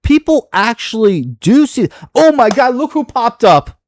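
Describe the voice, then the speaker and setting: A man's voice: extremely high pitch, very animated, a little slow, slight background noise. A man reacting to online comments in his video, exasperated and profane, rambling with frequent restarts. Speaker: video creator.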